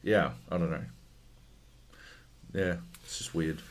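A man's voice: deep voice, steady tone, slow pace. A man co-hosting a podcast, chatting casually and animatedly, swearing and laughing as he rants. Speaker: podcast co-host. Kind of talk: casual chat.

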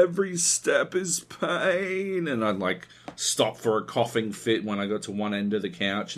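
A man's voice: on the low side, fairly bright tone. A man hosting a podcast, telling a long, profane, rambling anecdote in casual chat. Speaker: podcast host.

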